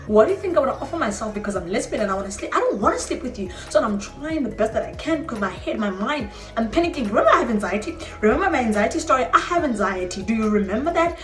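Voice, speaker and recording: A young South African woman tells a storytime vlog in an animated, exclaiming way, her voice sitting a little high. She is recorded from a distance in an echoey room. Faint music plays underneath. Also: fairly quick. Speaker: vlogger. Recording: roomy echo, distant mic, faint music.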